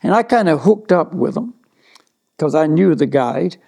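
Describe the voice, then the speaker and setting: A man giving a relaxed talk on staying calm, telling a rambling anecdote full of "you know" asides. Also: fairly high pitch, normal speed, gravelly.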